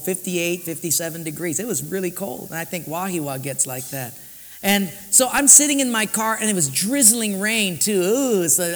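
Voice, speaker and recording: A man's voice: high-pitched, fairly bright tone. A man preaching a sermon, telling a personal story and acting out his own thoughts. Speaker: pastor. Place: large church. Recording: reverberant church hall.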